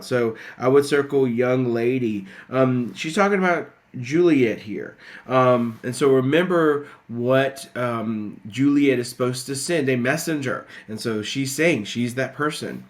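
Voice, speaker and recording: A man's voice: medium pitch, moderate pace. A male teacher walking students through a text in a recorded video lesson, talking casually with many fillers. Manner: casual, many fillers, reads quotes aloud.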